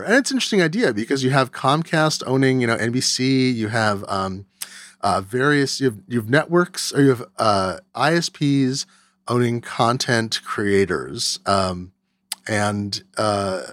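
A man in casual tech podcast chat, speaking at an average pitch. He hesitates a lot, filling gaps with "uh" and restarting sentences. The sound is close and dry, with no room around it. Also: a bit bright, dry recording. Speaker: podcast co-host.

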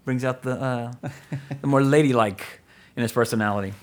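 A man's voice: medium pitch, brisk. Chuckling, rambling man hosting a podcast. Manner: rambling, filler-heavy, with frequent chuckles. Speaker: podcast host. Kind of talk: casual film-review chat.

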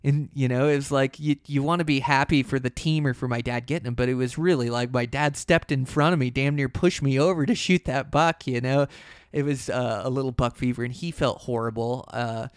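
A man recounts a hunting story in loose, casual talk, leaning on "you know" and "like" as he goes. His voice sits at an ordinary middle pitch and livens up when the action builds. The recording is close and dry, with no room sound. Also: fairly even intonation, a little fast, clear, resonant tone, dry recording. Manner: rambling, full of "you know" and "like". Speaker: hunter telling a story.

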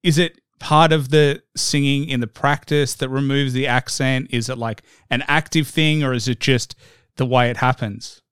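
An Australian man hosts a casual podcast interview in a smooth, clear voice at a middle pitch. The sound is close and dry, and he rambles cheerfully with plenty of fillers. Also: fairly even intonation, moderate pace, a bit bright, no room sound. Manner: upbeat, rambling with many fillers. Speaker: podcast host.

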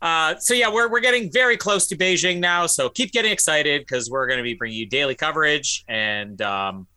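A man's voice: a little high, brisk, sharp tone, clear, resonant tone. A man hosting a podcast, upbeat and teasing, often laughing in casual chat. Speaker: podcast host.

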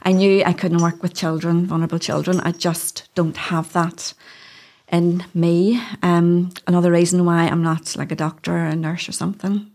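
A middle-aged woman with a Northern Irish accent talks in a relaxed, chatty way, her voice sitting a little low. She tells stories in long rambling runs, dropping in little laughs. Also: moderate pace. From Northern Ireland. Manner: chatty storyteller, laughs often, uses "wee". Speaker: doula, podcast guest. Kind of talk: casual interview chat.

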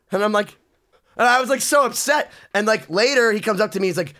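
A podcast co-host with a high, bright voice tells a story loosely and with energy. He rambles and stacks up fillers as he goes. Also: a little fast. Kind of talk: casual storytelling.

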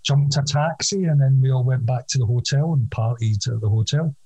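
A man's voice: mid-range voice, fairly quick, a crowd in the background, poor audio. A man telling a long anecdote in casual chat, acting out other people's voices and laughing often. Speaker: guest telling a story.

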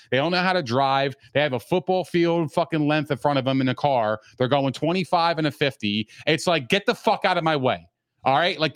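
A man's voice: on the high side, dry recording. Man, podcast co-host, casual sports chat, blunt, swaggering, cursing, resonant voice, dry close sound. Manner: blunt, profane, rants with swagger.

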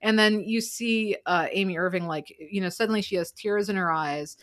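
A woman hosting a casual podcast chat, rambling with fillers and bursting into loud quoted lines. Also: mid-range voice, normal speed. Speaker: podcast host.

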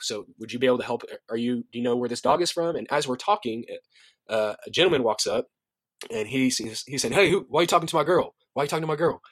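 A man tells a story in an interview at a brisk, rapid clip, his voice close and dry with no room around it. He is a youth director at a ministry and an animated storyteller who acts out the voices of the people he quotes. He often breaks off and restarts his sentences. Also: mid-range voice, dry recording.

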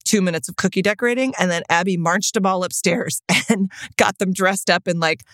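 A middle-aged woman co-hosting a podcast, chatting casually and telling lively stories with acted-out quotes. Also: mid-range voice, brisk, dry recording, studio quality. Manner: animated storyteller, lots of laughter and acted quotes. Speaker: podcast co-host. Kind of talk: casual chat.

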